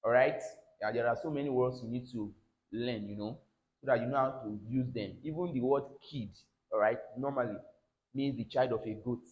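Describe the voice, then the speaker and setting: A man's voice: medium pitch, fairly quick, highs cut off. A man teaching English pronunciation, drilling each example word and tagging his lines with "all right?". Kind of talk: classroom phonics lesson. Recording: roomy echo.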